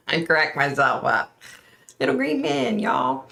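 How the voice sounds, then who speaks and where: A woman's voice: extremely low pitch, sing-song, takes it slowly, creaky, pushed and bright. A woman hosting a casual livestream, chatting and reacting aloud to viewer comments. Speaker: livestream host.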